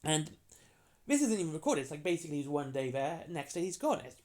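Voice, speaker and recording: Casual lore rambling, jokey asides, swooping pitch. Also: sing-song, a little mellow. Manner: chatty and jokey, acts out characters in quick asides. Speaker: tabletop game lore explainer.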